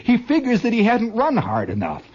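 A man's voice: extremely high pitch, wildly swooping pitch, normal speed, a little mellow, husky. A man telling a comic story as a dramatic monologue, adding his own sound effects, on a dull lo-fi recording. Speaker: comedian.

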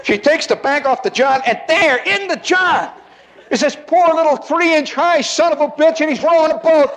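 A man's voice: very high-pitched, normal speed. A man doing a stand-up comedy routine, telling stories with laughs and rhetorical questions to the crowd. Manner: animated storytelling, frequent laughter, rhetorical questions to the audience.

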